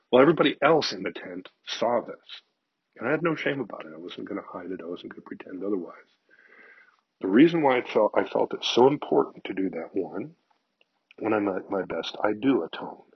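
An older man speaks in a low, husky voice, frank and confessional, his storytelling sinking at times to a near-whisper. The sound is dry and close, with a muffled, lo-fi dullness. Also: no room sound. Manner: frank and confessional, swears casually, drops to near-whisper in stories. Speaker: speaker sharing personal views. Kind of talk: candid personal monologue.

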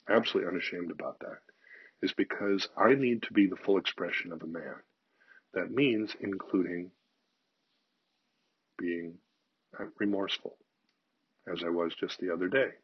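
Low husky older man, frank monologue. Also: normal speed, pauses often. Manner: frank and confessional, swears casually, drops to near-whisper in stories. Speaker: speaker sharing personal views. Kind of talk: candid personal monologue. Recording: dull lo-fi, dry sound.

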